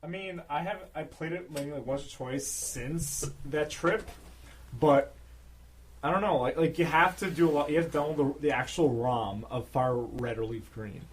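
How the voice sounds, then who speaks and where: A man's voice: fairly high pitch, normal speed, a little hiss or hum, poor audio. A young man on a podcast panel, rambling and repeating himself as if a little drunk. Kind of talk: casual chat.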